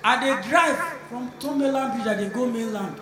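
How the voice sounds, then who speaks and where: Animated Pidgin-speaking stand-up comic. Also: male voice, very high voice, normal speed, roomy sound, over music. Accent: Nigerian Pidgin. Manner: animated storytelling with sound effects. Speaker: stand-up comedian. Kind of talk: stand-up routine.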